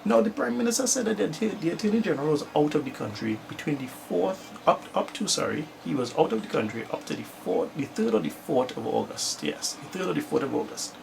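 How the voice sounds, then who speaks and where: A man's voice: on the high side, sing-song, fast, creaky, few pauses, background noise. A Trinidadian man giving a self-recorded political rant, emphatic and repeating his points for stress. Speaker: political commentator.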